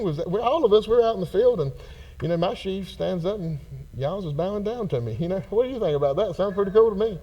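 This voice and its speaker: A pastor with a drawl teaches a church Bible study in a folksy, lively way, acting out the people in the story. His voice sits high for a man and keeps jumping up and down. It sounds like a church hall. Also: fast talker, lo-fi sound. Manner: folksy, animated, acts out characters.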